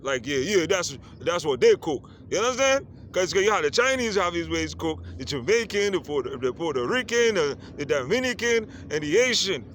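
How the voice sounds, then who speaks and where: A man's voice: on the high side, sing-song, normal speed, hardly any pauses, a bit bright. A man who grew up on a Caribbean island, talking to the camera in a casual monologue and asking "you understand?" again and again. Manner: repeats "you understand?" often. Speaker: vlogger. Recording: faint street noise outdoors.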